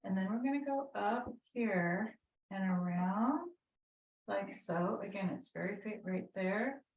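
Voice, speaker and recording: Slow, patient woman guiding a class. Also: mid-range voice, animated, a little mellow, poor audio. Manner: slow, patient, step-by-step instructions. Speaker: wellness instructor. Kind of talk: guided calligraphy tracing and affirmations. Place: wellness center session. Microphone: unplugged microphone, then plugged back in.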